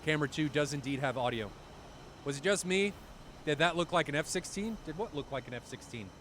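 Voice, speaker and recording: A man commentating a live flight-simulation match stream in a chatty, excitable way, swearing now and then and poking fun at himself. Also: on the high side, brisk, slight background noise. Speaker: esports commentator.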